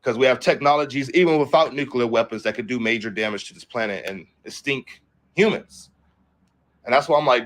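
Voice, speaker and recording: A man's voice: medium pitch, animated, a little fast, fairly bright tone. A young man talks through a political livestream in a loose, rambling way. He curses freely and breaks off from the headlines to riff on them. His voice sits in the middle of the usual range for a man. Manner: profane, rambling, reads headlines aloud then riffs. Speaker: livestream host. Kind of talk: casual livestream commentary.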